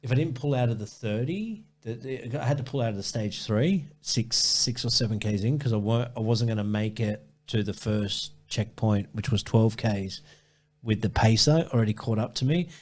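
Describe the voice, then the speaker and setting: A man's voice: fairly low pitch, moderate pace, darkish tone. A man telling a long running story in a casual interview, rambling and swearing, with many restarts. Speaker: ultrarunner guest.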